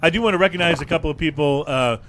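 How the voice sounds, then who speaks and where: A male podcast host with a slightly raised pitch, relaxed as he wraps segments and thanks the crew. Faint ambience sits behind him. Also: racing, a little hiss or hum. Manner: relaxed, easygoing host with fillers. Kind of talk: hosting a casual talk show.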